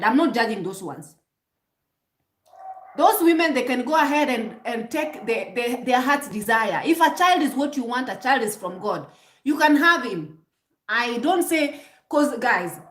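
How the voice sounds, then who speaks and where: High, lively woman lecturing. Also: echoey room. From Kenya. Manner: emphatic, preachy, rhetorical "hmm?" prompts, frequent restarts. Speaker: vlogger giving relationship advice. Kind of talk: direct-to-camera advice monologue.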